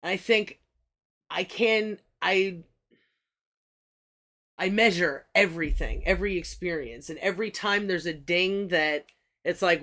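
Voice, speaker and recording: Her fairly low voice sounds pushed and bright; she's animated yet a little slow, with long pauses. Hosting a livestream, she rambles casually, curses often, and keeps starting her sentences over.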